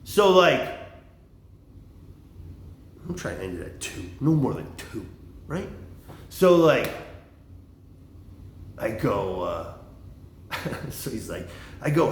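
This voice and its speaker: A man's voice: medium pitch, very animated, slow pace, pauses often, slight background noise. Rambling, profane man in an echoey room. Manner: profane, rambling, swings between mumbling and shouting.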